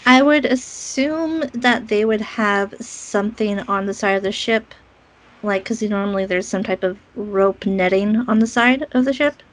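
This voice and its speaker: A woman's voice: medium pitch, measured pace. A woman playing a tabletop game, talking through her moves casually. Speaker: player.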